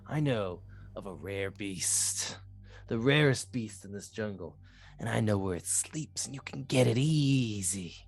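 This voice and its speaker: A tabletop game master voicing a sly, tempting jungle snake in an animated, hushing way. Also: mid-range voice, unhurried, gravelly, slightly rough, soft background music, voice pushed down, heavily acted. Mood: pleading then coaxing. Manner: coaxing, drops to a hush on sweet words.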